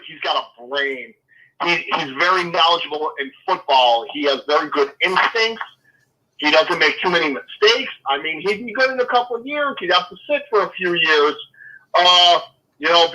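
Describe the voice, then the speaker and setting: A man's voice: on the high side, sharp tone, poor audio. A man talking football as a guest, ranting in a fired-up way, swearing and then apologizing. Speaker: guest fan. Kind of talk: casual sports chat.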